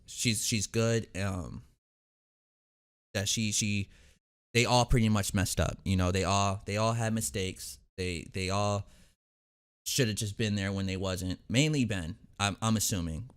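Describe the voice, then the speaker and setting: A man's voice: lowish voice, fairly even intonation, a little slow, clear, resonant tone. A young man hosting a reaction video, casually recapping an episode in a rambling way, full of fillers and restarts.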